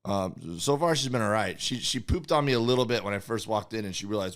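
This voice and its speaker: Smooth-voiced man telling rambling stories. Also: on the low side, quick pace, few pauses. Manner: rambling storyteller, acts out conversations. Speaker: podcast co-host. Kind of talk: casual comedy chat.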